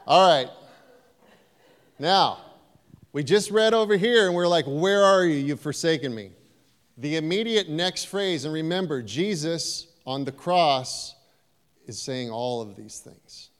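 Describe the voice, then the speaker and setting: A man's voice: a little high, expressive, takes it slowly, clean tone, in a large hall. A man preaching a sermon in a church, talking conversationally and turning to the congregation now and then. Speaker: pastor. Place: church sanctuary.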